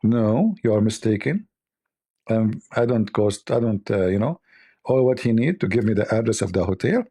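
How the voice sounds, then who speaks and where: A man hosting a casual livestream, his voice gravelly and husky. He rambles along in a mocking, sarcastic way, and his tone stays dark and low-lit. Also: lively intonation, normal speed. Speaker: livestream host.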